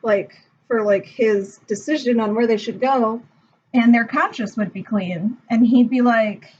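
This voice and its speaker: A young woman with a fairly high voice retells a myth in a relaxed, slangy way, slowly and unhurriedly. Her voice comes through a dull, lo-fi recording with faint background noise. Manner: laid-back, slangy, lots of fillers. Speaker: storyteller.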